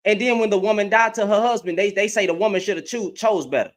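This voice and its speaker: A man giving heated reaction commentary as an online commentator, animated and profane, repeating himself and laughing often. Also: high voice, fast talker. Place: in Dallas, Texas.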